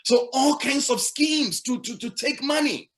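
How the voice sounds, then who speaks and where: Man, pastor, sermon, fairly high pitch, emphatic, repetitive, rhetorical questions. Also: measured pace, a bit bright.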